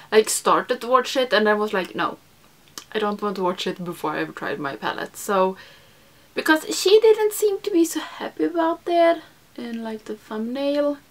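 Chatty young woman doing a makeup vlog. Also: medium pitch. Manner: chatty, self-deprecating, many fillers, drops into soft whispers while applying makeup. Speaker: beauty vlogger. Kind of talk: casual makeup tutorial chat.

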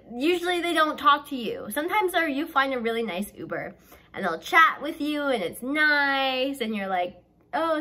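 A young woman from the American South, telling a story in a chatty, animated way and saying "like" constantly. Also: fairly high pitch. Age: young adult. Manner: chatty and animated, heavy use of "like". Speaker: vlogger. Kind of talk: storytime vlog.

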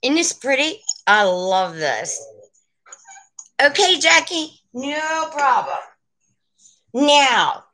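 A woman's voice: high voice, bright, forceful tone, rough recording. A woman running a live online sale from her home, chatting in a rambling, friendly way to her viewers. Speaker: online vintage seller. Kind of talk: live-stream sales chat. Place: at home, indoors.

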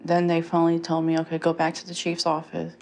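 A young woman telling her own story in a halting way, full of fillers and restarts. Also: fairly low pitch, completely flat delivery, vocal fry, darkish tone, faint music behind. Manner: halting, many fillers and restarts, quotes others. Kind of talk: personal testimony.

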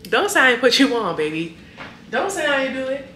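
Chatty, playful woman vlogger, lively voice. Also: high voice, a little fast, echoey room, slight background noise. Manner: chatty and playful, talks straight to viewers. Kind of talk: casual sponsored vlog chat.

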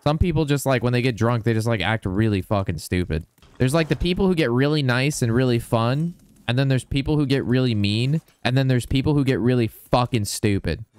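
Excitable young man streaming a card game. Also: mid-range voice, fairly quick, smooth. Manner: excitable, swears a lot, rambling storyteller. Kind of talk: casual gameplay commentary.

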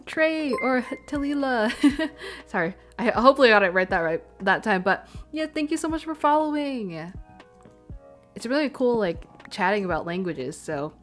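A woman's voice: fairly high pitch, a bit bright. A young woman with a Canadian accent, chatting casually on a live stream while she plays, thinking aloud and apologizing as she goes. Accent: Canadian English. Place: home room, stepping away from the mic at times. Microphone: desk microphone.

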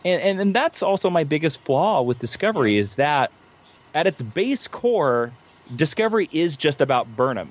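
A man with an animated, expressive voice chats as a military veteran guest. He thinks aloud as he goes and keeps restarting and repeating words. The recording is lo-fi and muffled. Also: on the high side. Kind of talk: casual chat.

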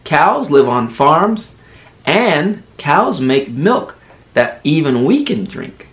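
A young man speaks to toddlers in a slow, patient voice, stretching every word out. His pitch leaps up and down as he models each new word. He sounds like a friendly early-learning teacher. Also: big pitch swings, fairly bright tone. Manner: slow, exaggerated, sing-song word modelling. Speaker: children's teacher.

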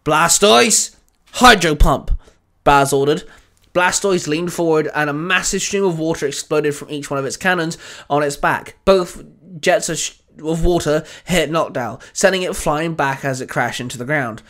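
A man reading a fan fiction story aloud in a steady storytelling voice. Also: on the high side, normal speed. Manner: steady reading with small restarts.

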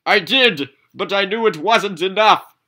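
A man putting on a high voice for a lovesick pizza slice, reading it in an overwrought, pleading way. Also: a little slow, sharp tone, full character voice. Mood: melodramatic.

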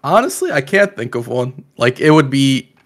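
A man's voice: medium pitch, sing-song, normal speed. A man co-hosting a casual gaming podcast, easygoing and self-deprecating, often laughing along. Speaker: podcast co-host.

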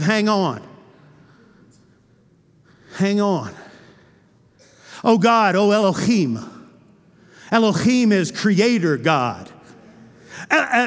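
A male pastor preaching a sermon with passion, moving between loud cries and hushed, intimate lines. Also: very high-pitched. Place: church sanctuary. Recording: church hall with long reverb.

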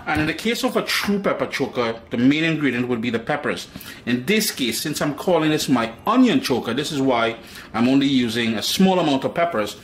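A man's voice: medium pitch, lively intonation, fairly quick, roomy sound, noisy background. A man hosting a home cooking demonstration, chatty and folksy, talking straight to his viewers. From Trinidad and Tobago. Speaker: cooking show host. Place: home kitchen.

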